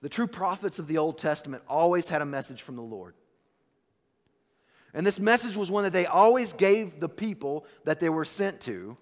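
A man delivers a sermon in a relaxed, chatty manner, repeating words as he gathers his thoughts. His voice sits a little high for a man. The sound carries a long reverb from the church hall. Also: normal speed. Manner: casual, conversational preaching with restarts and "like". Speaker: pastor.

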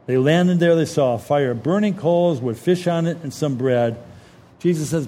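At a measured pace, this somewhat high-pitched preacher brings scripture stories to life in colloquial, street-level wording. The tone is lively and warm, more storytelling from the pulpit than formal recitation.

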